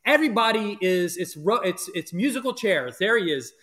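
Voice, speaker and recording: A man's voice: sits high, lively intonation, normal speed, sharp tone. A man hosting a live podcast, chatty with frequent fillers. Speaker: podcast host.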